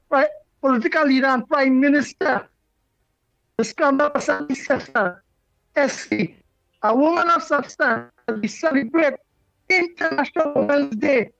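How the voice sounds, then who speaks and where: A Trinidadian woman with a high voice calls in to a radio show and chats briskly. Her phone line is muffled, with faint music behind her. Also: gravelly, fairly bright tone, no echo. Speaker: caller. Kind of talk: call-in radio chat. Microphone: telephone.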